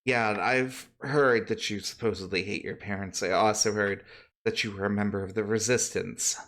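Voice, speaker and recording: A man's voice: lowish voice, fairly even intonation, normal speed, a bit bright. A man voicing a middle-aged uncle in a tabletop game, hesitant and apologetic. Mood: guarded.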